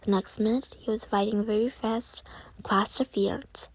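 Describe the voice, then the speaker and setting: A woman reading a storybook aloud, slowly and carefully, with soft, breathy passages. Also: medium pitch, fairly even intonation, dry recording, low-quality recording. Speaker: reader.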